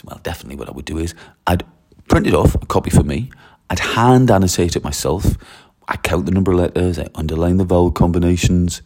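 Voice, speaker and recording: Male language teacher, low husky tone, repeated instructions and tag questions. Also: warm tone. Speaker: French teacher. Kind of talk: classroom-style teaching walkthrough.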